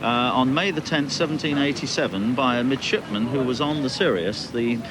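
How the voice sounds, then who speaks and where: A man interviewed on location explains an old letter in a measured, informative way. His voice sits in the middle range. Outdoor noise is clearly heard behind him. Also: medium pitch. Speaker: interview guest. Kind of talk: explaining and reading out a historic letter.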